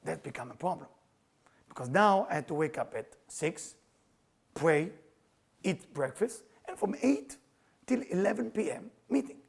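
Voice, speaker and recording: A middle-aged man, a spiritual teacher, telling personal stories in an animated, earnest lecture, in halting broken English. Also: high voice, creaky, breathy edge. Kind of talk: storytelling lecture.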